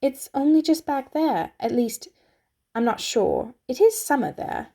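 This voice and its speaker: A woman's voice: high-pitched, animated, a little slow, warm tone, pitched above the performer's own voice, full character voice. A woman voicing a curious, well-mannered young girl in a storybook reading, puzzled and earnest. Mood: puzzled, polite.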